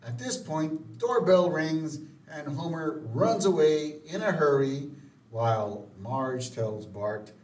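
A man co-hosting a podcast, recapping a cartoon episode in a lively way and jumping into character voices. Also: on the high side, takes it slowly. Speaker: podcast co-host. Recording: roomy, distant mic with faint background noise.

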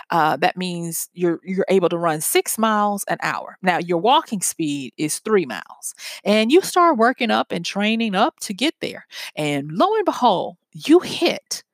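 A woman's voice: mid-range voice, no room sound. A woman giving an earnest, conversational motivational talk built on everyday examples.

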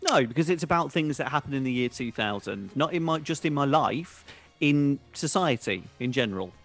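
A man co-hosting a podcast in casual, animated chat. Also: medium pitch, moderate pace, soft background music. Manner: animated, quips. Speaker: podcast co-host.

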